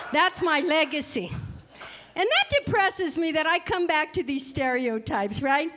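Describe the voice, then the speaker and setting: A woman's voice: sits high, animated, measured pace, noisy background. A middle-aged woman from New Mexico performing a stand-up comedy set, chatty and self-mocking, acting out what people said to her. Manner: chatty, self-mocking, acts out quoted lines. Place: live comedy venue.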